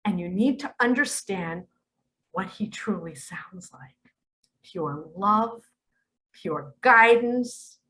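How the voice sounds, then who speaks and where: This religious monologue comes from a woman in the role of spiritual teacher, her medium-pitched voice slow and animated. She stresses her points, swinging suddenly between loud and hushed, on a low-quality recording.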